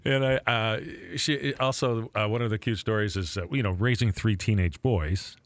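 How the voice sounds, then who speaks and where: A man's voice: lowish voice, moderate pace, dry recording. A man co-hosting a radio after-show, chatting casually and telling family stories with stops, restarts and chuckles. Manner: rambling, chuckling, self-interrupting. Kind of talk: casual chat. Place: Rochester, New York area.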